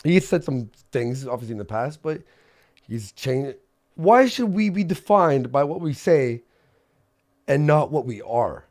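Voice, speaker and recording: On a livestream, a man rants angrily, agitated and swearing, and he often repeats himself. His medium-pitched voice has a sing-song lilt, a slightly slow pace, and a darkish tone.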